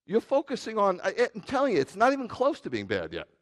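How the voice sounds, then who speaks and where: A man preaching as rabbi to a congregation, animated and joking, swinging from loud outbursts to quiet asides. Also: high-pitched, quick pace. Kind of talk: sermon.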